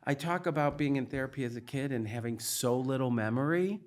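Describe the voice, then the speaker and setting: Appearing as a guest, a middle-aged psychiatrist who specializes in trauma talks openly and a little fast, his voice at a medium pitch. His delivery is earnest and emphatic, heavy with "like" and "you know."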